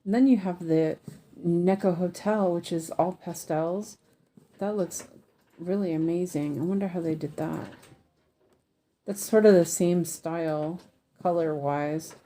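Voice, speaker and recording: A woman's voice: lowish voice, a little slow, dark tone. A woman hosting a cross-stitch livestream, chatting casually and hesitantly while she works and answers viewer comments. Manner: hesitant and rambling, many fillers and trailing thoughts.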